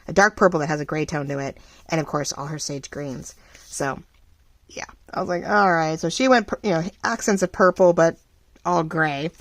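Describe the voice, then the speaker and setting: A middle-aged woman running a small shop, chatting casually and rambling while she crafts, full of fillers and lively ups and downs. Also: sits low, no echo. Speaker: craft vlogger and shop owner.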